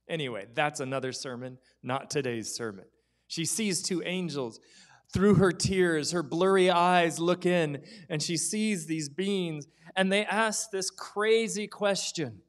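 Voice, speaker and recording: A pastor preaches in a church, and his voice sits high for a man. He tells the story with plenty of drama, acting out the people in it. He drops to a whisper at the key moments. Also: a little slow. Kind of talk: sermon.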